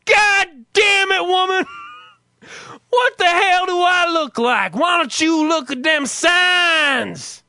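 A cranky Southern husband bellows and swears across the grocery aisles, as a man puts him on. The voice rides high and bright, with a hard, strained edge. It sounds close and dry. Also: takes it slowly, dry recording, exaggerated voice. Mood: angry shouting. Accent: American Southern. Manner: shouting, cursing.

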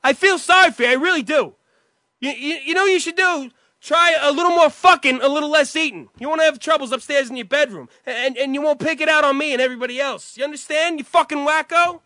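A man acting out a furious brother in a reenacted film scene, yelling high and fast with heavy swearing. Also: dry recording, studio quality. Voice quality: shouting, high and strained.

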